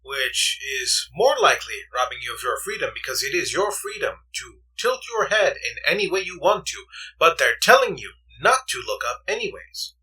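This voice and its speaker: A man co-hosting a casual movie podcast, animated, laughing often and swearing freely. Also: on the high side, normal speed, far from the mic, poor audio. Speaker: podcast co-host. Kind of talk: casual chat.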